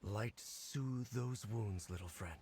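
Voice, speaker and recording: An actor voicing a gentle male healer in a fantasy video game, speaking softly and kindly. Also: fairly low pitch, takes it slowly, husky, no echo. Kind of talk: video game character dialogue.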